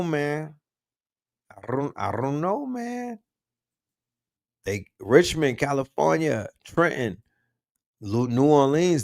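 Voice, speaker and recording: A man hosting a casual livestream, talking in slang and shouting out the cities his viewers are watching from. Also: fairly high pitch, dry recording, studio quality. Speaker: livestream host.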